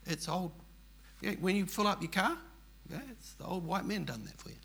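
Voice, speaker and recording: A man's voice: high voice, moderate pace, vocal fry, fairly bright tone, husky. An older man with an Australian accent, telling a personal story in an earnest, rambling, emphatic way. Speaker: churchgoer telling his story.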